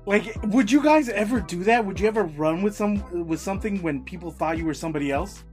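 A man's voice: high voice, lively intonation, fairly quick, a little mellow, soft background music. A man co-hosting a podcast, putting questions in casual chat. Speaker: podcast co-host.

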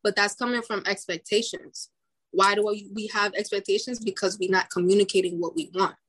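A woman's voice: mid-range voice, steady tone, fairly quick, a bit bright, husky. Earnest young woman in casual chat. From Dominican heritage. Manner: earnest, reflective, many likes and restarts.

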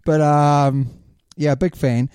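A man's voice: fairly high pitch, level tone, slow pace, a little mellow, clean tone, dry recording, studio quality. A middle-aged man co-hosting a casual sports chat, joking and trailing off mid-sentence. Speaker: podcast co-host.

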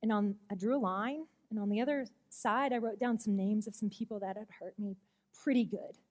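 A woman guest speaker giving a sermon in a conversational, expressive way, acting out the people she quotes. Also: mid-range voice, a little fast.

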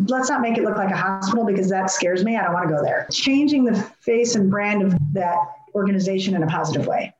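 A woman's voice: mid-range voice, echoey room, muffled recording. A woman speaking earnestly and reflectively in an interview, explaining her design approach with frequent restarts. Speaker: healthcare architect guest. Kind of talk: conversational interview.

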